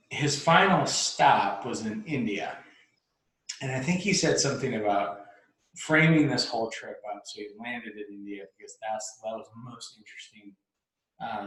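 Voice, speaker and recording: A man's voice: fairly low pitch, a bit bright. A man casually telling a long story, rambling with restarts, laughs and swearing. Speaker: podcast host telling a story. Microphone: laptop mic. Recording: echoey room.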